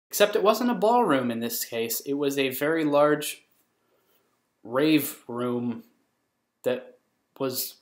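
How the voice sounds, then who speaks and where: A young man telling a rambling comic story in a vlog, full of absurd, self-mocking jokes. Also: medium pitch. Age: young adult. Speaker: vlogger. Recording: roomy echo.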